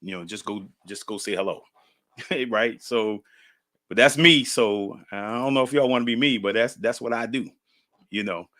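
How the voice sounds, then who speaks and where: Bright, forceful man hosting a podcast. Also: lowish voice, normal speed, dry recording, studio quality. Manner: chatty, laughing, folksy storyteller. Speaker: podcast host. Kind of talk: casual podcast monologue.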